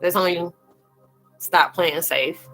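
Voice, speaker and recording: A woman's voice: on the low side, takes it slowly, fairly bright tone, faint music behind, poor audio. Tearful woman hosting a spiritual live chat. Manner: emotional and earnest, addressing viewers by name; colloquial, fillers and restarts, calls listeners sweetie. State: close to tears. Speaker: live-stream host and spiritual reader.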